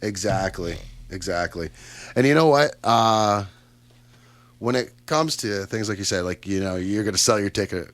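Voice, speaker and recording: A man's voice: on the low side, moderate pace, a bit bright, dry recording. Chatty upbeat Canadian man, radio host. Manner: chatty, upbeat, lots of fillers and asides. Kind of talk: casual radio chat. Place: radio studio.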